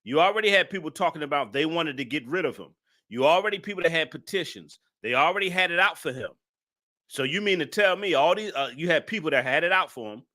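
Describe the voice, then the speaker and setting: Man, live-stream commentary, emphatic, repeats himself, indignant questions, bright tone. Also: fairly high pitch, lively intonation, quick pace.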